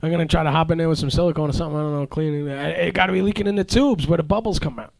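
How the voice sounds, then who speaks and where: A man's voice: a little high, rapid-fire, creaky, no room sound. A young man co-hosting a casual chat show, crude and jokey, stammering now and then. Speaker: co-host.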